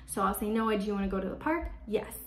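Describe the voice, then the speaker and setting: A parenting vlogger speaks fast to the camera in a mid-range, expressive voice, offering tips in casual, chatty speech. She leans heavily on "like" as a filler, and the room is echoey.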